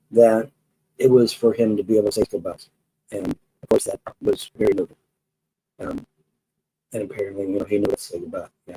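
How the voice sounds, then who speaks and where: A man's voice: lowish voice, warm tone, slightly rough, dry recording, poor audio. A man telling stories in a rambling casual monologue, repeating himself and swearing freely. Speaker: storyteller recounting experiences.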